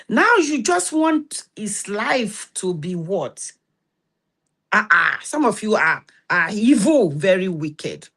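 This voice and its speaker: A woman from Nigeria with a Nigerian accent, hosting an advice talk, telling stories in an animated and preachy way and acting out the dialogue. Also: mid-range voice, slow. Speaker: host.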